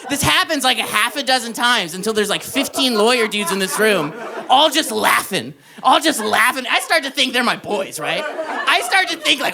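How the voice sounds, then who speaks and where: A man's voice: very high voice, very animated, fairly quick, vocal fry, a crowd in the background. A young man doing a stand-up comedy set, telling a long story in a loose, casual way and acting out the other people in it. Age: young adult. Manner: casual storytelling, says dude a lot, acts out quoted lines. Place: comedy club stage.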